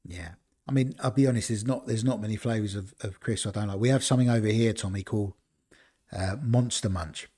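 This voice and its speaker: Man, lowish voice, casual live-stream chatter, rambling, football manager game, talks to viewers. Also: a little fast, warm tone. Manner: rambling, chatty, talks to chat between choices.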